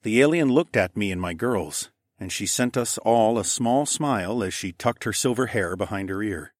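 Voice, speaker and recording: A man giving steady, matter-of-fact first-person audiobook narration. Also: fairly low pitch, moderate pace, dry recording, clean studio sound.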